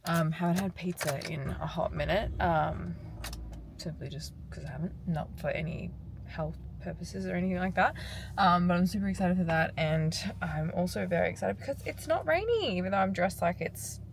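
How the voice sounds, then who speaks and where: A woman's voice: lowish voice, normal speed, gravelly, slight background noise. A young Australian woman in her twenties, chatting casually for her vlog in her car, rambling with lots of ums. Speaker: vlogger.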